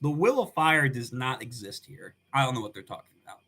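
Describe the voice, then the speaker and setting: A man's voice: medium pitch, lively intonation, a little fast, a bit bright. A man reacting live on stream, talking in a casual, slangy way with frequent swearing and laughter.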